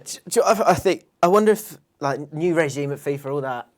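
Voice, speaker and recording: A man's voice: fairly high pitch, animated, brisk. A man in casual panel banter who muses aloud and asks questions.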